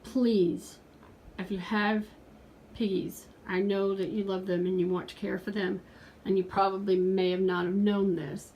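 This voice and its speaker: A woman's voice: medium pitch, little pitch movement, unhurried, darkish tone, slight background noise, poor audio. A woman in her forties talking earnestly in a casual home video from her pet room, pleading with viewers at points. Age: 40s. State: out of breath. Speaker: pet vlogger.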